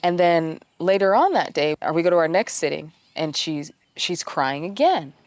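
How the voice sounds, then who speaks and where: A woman vlogger telling a personal story in a candid, self-mocking way with lively asides. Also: fairly low pitch, moderate pace, dry recording.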